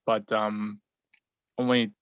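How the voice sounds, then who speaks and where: A man's voice: on the low side, little pitch movement, takes it slowly, smooth, no echo. A young man giving his view in a group discussion, rambling with many fillers. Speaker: forum participant. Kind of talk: casual discussion contribution. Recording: dull, lo-fi dry mic.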